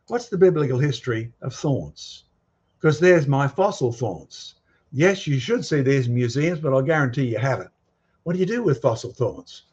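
A man's voice: mid-range voice, darkish tone, husky, lo-fi sound. A man giving a lecture with slides, emphatic and full of rhetorical questions and challenges to his audience. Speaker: guest speaker on creation and fossils.

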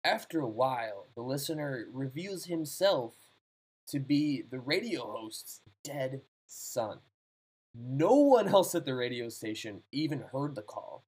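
A man's voice: mid-range voice, very animated, a little slow, darkish tone, breathy edge, rough recording. A man casually reading out a short ghost story to a friend, in a laid-back, slangy manner. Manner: laid-back, slangy, reads stories aloud. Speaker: podcast co-host reading stories.

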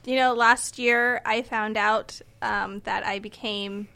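A woman co-hosting a casual podcast chat who explains in a measured way, with thoughtful pauses. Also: fairly high pitch, fairly even intonation, vocal fry, sharp tone, clean tone. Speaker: podcast co-host.

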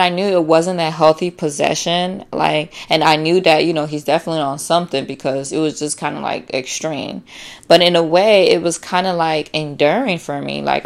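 A woman hosting a casual solo podcast, talking in a slangy, profane, animated way with lots of "like" and "you know," and acting out little quoted exchanges. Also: lowish voice. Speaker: podcast host.

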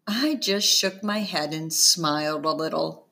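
A woman reading a children's novel aloud in the first person, with expressive storytelling. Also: low-pitched, unhurried, gravelly, hardly any pauses. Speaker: audiobook narrator.

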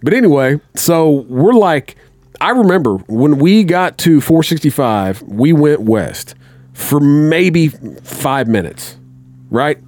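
This podcast guest tells a long, meandering story at a slow pace, his slightly high voice animated yet darkish in tone. He swears a great deal and performs what people said, with no echo in the recording.

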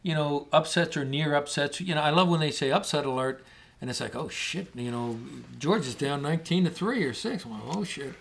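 A man's voice: fairly high pitch, brisk. A man co-hosting a casual sports chat, joking and acting out what people said. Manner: animated, acts out quotes, joking. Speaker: podcast co-host.

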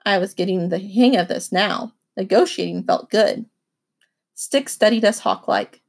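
A woman reading a children's novel aloud with expressive first-person narration. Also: medium pitch, unhurried, gravelly. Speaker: audiobook reader.

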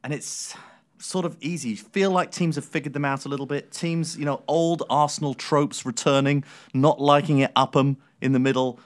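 A man's voice: on the high side, fairly even intonation, normal speed. A man co-hosting a football podcast, talking in earnest, admiring, conversational chat. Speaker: podcast co-host.

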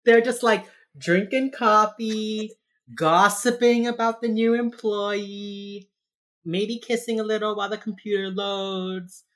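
A woman co-hosting a podcast in casual chat, recapping a TV episode with animated storytelling, acting out the characters' lines and swearing casually. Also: mid-range voice, slow pace. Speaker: podcast co-host.

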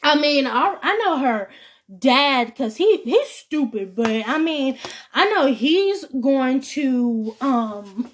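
Animated high-voiced teenage girl storyteller. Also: takes it slowly. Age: teens. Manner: animated, acts out quoted voices with big pitch jumps; colloquial, rambling with restarts. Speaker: podcast host. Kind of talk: casual storytelling rant.

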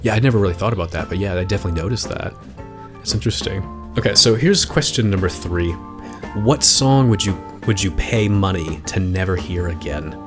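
A man's voice: low-pitched, animated, a little fast, over music. A man hosting a podcast, talking in a chatty, casual way with fillers and laughs. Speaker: podcast host.

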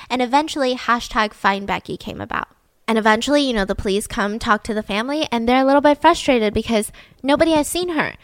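A young woman retells a case to her co-host in a casual, talkative way, with a lot of "like" and "I mean". Her voice sits a little high. The sound is close and dry, with no room around it. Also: fast, no echo. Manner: chatty, leans on fillers like "like" and "I mean". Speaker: podcast co-host. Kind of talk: casual true-crime storytelling.

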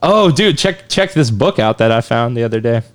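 With an expressive, mid-range voice at a moderate pace, this podcast host keeps the chat casual. He jokes around in a relaxed way while leading a quiz game.

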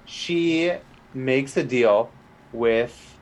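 A man's voice: medium pitch, drawn-out words, low-quality recording. A young man co-hosting a podcast, giving blunt, slangy takes on a TV episode and swearing freely. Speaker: podcast co-host. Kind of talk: casual chat reviewing a TV episode.

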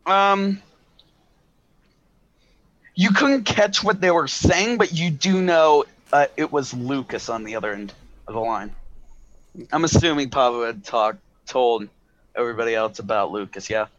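A man's voice: medium pitch, a little slow, long pauses, fairly bright tone, dry recording. Rambling male game master. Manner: rambling, full of fillers and restarts. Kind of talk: narrating a tabletop game. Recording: dull lo-fi, dry.

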